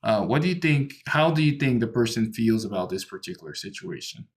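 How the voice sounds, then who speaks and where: A man's voice: lowish voice, expressive, brisk. A man teaching an online English lesson, patient and explaining with many ums and restarts, on a computer microphone. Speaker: English tutor.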